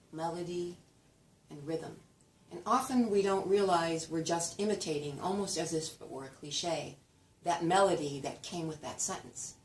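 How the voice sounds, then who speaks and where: A woman teaches a class, giving a lecture with spoken demonstrations in which she acts out example phrases using exaggerated sing-song melodies. The audio has a roomy echo from a distant mic and a faint rumble.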